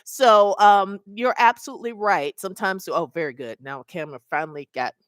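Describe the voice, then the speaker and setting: A middle-aged woman speaks at a middle pitch into a webcam in a dry, close room. She tells a work story in an easy, chatty way and acts out each person's voice. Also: fairly quick, no room sound. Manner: animated, acts out the people in her story. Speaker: mobile notary mentor. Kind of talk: casual storytelling vlog.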